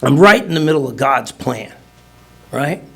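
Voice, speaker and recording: A man's voice: mid-range voice, lively intonation, a little slow, gravelly, slightly rough. A middle-aged man speaking at a recovery meeting, telling his personal story in a rambling, humorous way with casual slang. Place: meeting room.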